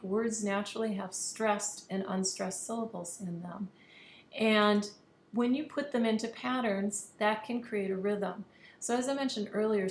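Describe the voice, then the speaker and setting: A woman teaching an online high school literature lesson, explaining clearly and patiently and exaggerating stressed syllables in her examples. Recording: roomy echo, faint background hiss.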